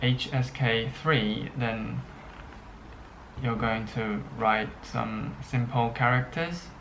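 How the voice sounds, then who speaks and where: Very slow, halting male teacher. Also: mid-range voice, vocal fry, fairly bright tone, slight background noise, poor audio. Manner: slow and halting, with many pauses and fillers; checks in often with "okay". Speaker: Chinese language teacher. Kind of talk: unscripted language lesson.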